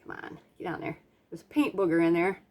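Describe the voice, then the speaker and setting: A woman's voice: on the low side, animated, brisk, a little mellow, slight background noise. A woman casually narrating her acrylic paint pouring at home, chatty and self-deprecating, with playful sound effects and humming. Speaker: craft vlogger.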